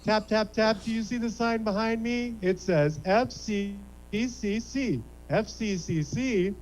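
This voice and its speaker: A man voicing a chirpy fast-food cashier who recites customer-service patter. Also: high voice, a little mellow, highs cut off, a little hiss or hum, voice pushed up. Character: cheerful male hot dog stand cashier.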